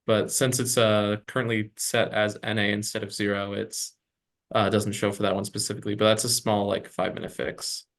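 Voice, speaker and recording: A young man, a student developer, explaining how his team's app handles its data, in a measured way with some hesitant fillers. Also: on the low side, level tone, a bit bright. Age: young adult. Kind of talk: explaining a project during a demo.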